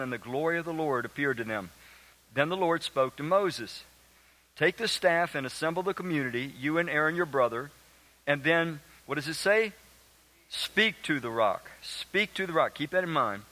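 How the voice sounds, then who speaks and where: Reading scripture during a sermon, this preacher speaks in a slightly high, bright and pushed voice, captured on poor audio. He puts questions to his congregation in an emphatic, earnest way.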